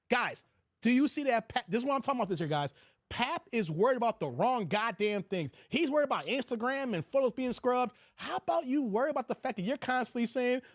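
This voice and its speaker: A man's voice: very high-pitched, dry recording, clean studio sound. Brash male commentary host. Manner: loud, mocking, talks to viewers, reads chat. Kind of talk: reaction commentary.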